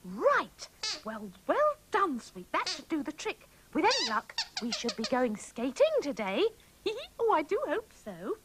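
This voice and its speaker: A squeaky, sing-song panda girl puppet. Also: huge pitch swings, measured pace, heavily acted. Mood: chirpy scheming. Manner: sing-song, giggly, scheming. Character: chatty bossy young female panda puppet. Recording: hissy old VHS tape.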